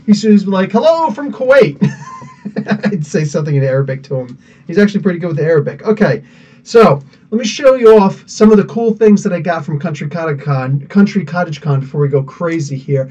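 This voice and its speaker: A man's voice: fairly high pitch, quick pace, darkish tone. A man hosting a live podcast, chatting casually and rambling as he greets viewers by name. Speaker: podcast host. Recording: dull sound, mic somewhat distant.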